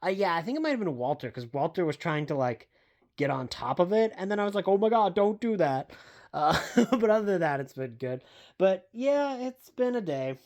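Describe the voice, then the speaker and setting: A woman's voice: fairly low pitch, very animated, a little fast, a little mellow. A woman, chatting casually and rambling in a home vlog from her basement, self-deprecating, full of fillers and the odd swear. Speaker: book vlogger.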